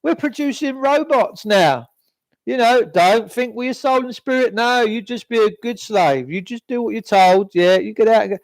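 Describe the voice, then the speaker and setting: A man's voice: extremely high pitch, normal speed, no room sound. Blunt, sweary man ranting. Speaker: livestream host. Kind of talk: ranting live stream chat.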